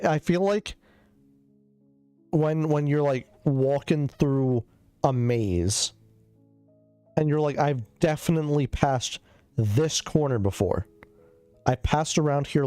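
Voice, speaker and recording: A man's voice: medium pitch, slow pace, pauses often, darkish tone, dry recording, soft background music. A man streaming a casual chat while sick. He coughs, sounds loopy and rambles, swearing a lot.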